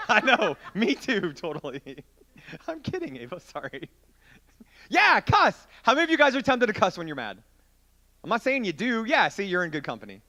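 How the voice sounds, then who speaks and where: A man giving a playful, joking youth group sermon as its pastor. His voice sits high and swings widely, with a bright, sharp edge. He teases volunteers as he teaches. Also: huge pitch swings, moderate pace.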